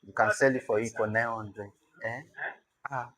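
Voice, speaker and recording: A language teacher with a Nigerian accent giving an informal lesson, repeating words slowly to show their pronunciation. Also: medium pitch, steady tone, a bit bright, rough recording.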